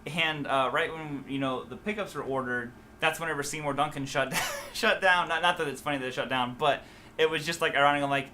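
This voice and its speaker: An American guitar teacher from the USA, whose accent blends Midwest and Southern, chats loosely and casually on a live stream, full of fillers and restarts. His voice sits a little high and he talks briskly, with noise in the background.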